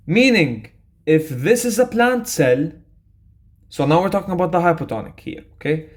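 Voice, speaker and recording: A man's voice: a little high, darkish tone. Chatty young male biology tutor. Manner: casual, chatty, keeps checking in with "okay?". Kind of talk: explaining a quiz to students.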